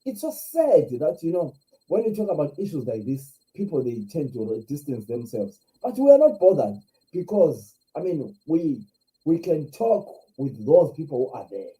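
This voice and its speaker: A man's voice: on the high side, very animated, moderate pace, mellow, low-quality recording. A Zimbabwean man hosting a live stream, speaking with passion, repeating himself and firing off rhetorical questions. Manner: impassioned, repetitive, rhetorical questions. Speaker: live show host.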